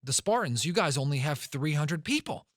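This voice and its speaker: Give me a man playing an alarmed Greek leader in a higher, worried voice. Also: expressive, moderate pace, a bit bright, no room sound, studio quality.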